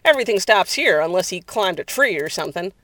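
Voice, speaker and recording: A narrator voicing a crude, aggressive male gunman in a spoken story, talking roughly. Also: medium pitch, animated, fast talker, a bit bright, no echo, close to an everyday voice. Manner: rough, swearing.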